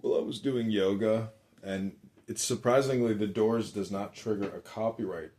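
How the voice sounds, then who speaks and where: A man hosting a comedy chat room, rambling through crude stories with deadpan asides. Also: fairly low pitch, normal speed. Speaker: host.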